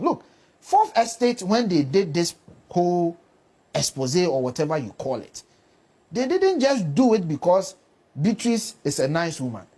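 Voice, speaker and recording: A woman with a Ghanaian English accent argues hard in a heated political panel debate, combative and lecturing, and repeats words for emphasis. Her voice is medium-pitched and a little mellow, with a breathy edge.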